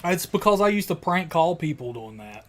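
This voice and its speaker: A man's voice: on the high side, sing-song, normal speed. Jokey man cracking crude banter. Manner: jokey and crude, breaks into impressions and laughter. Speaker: co-host of a horror podcast stream. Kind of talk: casual live-stream chat.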